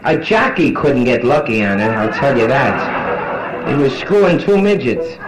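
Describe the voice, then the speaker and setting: A woman's voice: extremely low pitch, sing-song, measured pace, over a noisy crowd, heavy background noise. A middle-aged woman doing bawdy live stand-up in a nightclub, brassy and boozy, teasing the audience between jokes. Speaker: nightclub comedian. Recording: vintage live club record with band. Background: live band.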